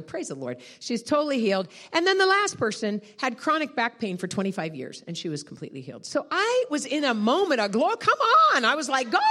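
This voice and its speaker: A middle-aged woman preaching a sermon as a guest speaker, telling stories with laughter and exclamations. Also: medium pitch. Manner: animated storytelling, laughing and shouting.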